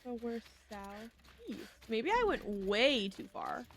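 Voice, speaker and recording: A woman's voice: a little high, very animated, takes it slowly. A young woman streaming a video game, chatting casually, swearing now and then and reading game text aloud. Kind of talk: casual gameplay commentary. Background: game music.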